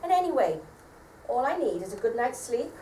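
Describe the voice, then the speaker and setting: A woman playing a worn-down, tearful mother, speaking softly and hesitantly on a live theatre stage. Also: a little high, very animated, fairly quick. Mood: despairing. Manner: soft, hesitant, self-deprecating. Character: weary depressed mother, tearful and self-doubting. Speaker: amateur stage actor. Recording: echoey theatre stage from far off, faint noise.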